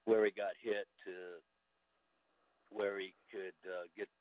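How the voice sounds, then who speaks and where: A man's voice: sits low, flat delivery, slow, no room sound, rough recording. An older man from the United States, a veteran, telling a personal story in conversation, candid and openly emotional, with casual swearing.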